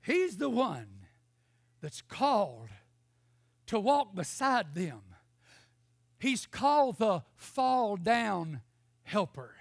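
A man preaching a sermon, passionate, moving between shouted lines and quiet storytelling. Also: high-pitched, sing-song, very slow, creaky, pauses often, husky, no room sound, studio quality.

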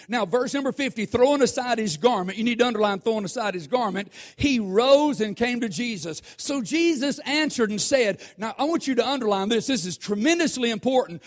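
A man preaching a sermon, asking the congregation questions and slowing down to stress scripture. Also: extremely high pitch, expressive.

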